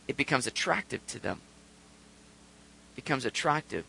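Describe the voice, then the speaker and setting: A pastor preaches in a high, lively, somewhat gravelly and slightly rough voice that rises and falls as he poses rhetorical questions and briefly impersonates the people he quotes. His tone is bright and forceful, at normal speed with long pauses. The audio is poor but dry and close, with no echo.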